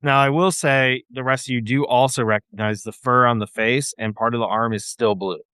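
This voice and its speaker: Game master, man, smooth resonant voice, dry close sound, casual and halting. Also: medium pitch, fairly even intonation, bright, forceful tone, no echo. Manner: hesitant, restarts, casual. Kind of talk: narrating a tabletop game.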